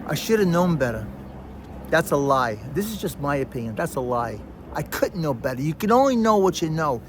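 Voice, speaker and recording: A man with a somewhat high voice hosts a podcast in a casual self-help monologue. He tells stories in an animated way, repeats phrases for emphasis and talks straight to the listener. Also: moderate pace, slight background noise. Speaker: podcast host.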